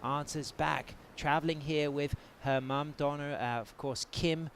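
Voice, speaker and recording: A man's voice: on the high side, fairly even intonation, measured pace, fairly bright tone, slight background noise. A man with an English accent doing live play-by-play commentary on a surfing contest. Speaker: surf commentator.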